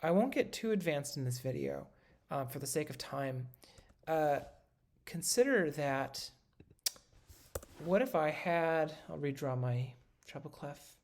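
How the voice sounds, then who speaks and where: Instructor talking through notation on video, relaxed and halting, with a fry in the voice. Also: mid-range voice. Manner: casual and patient, many ums and self-corrections. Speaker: music instructor. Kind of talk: recorded lecture, talking while drawing notation.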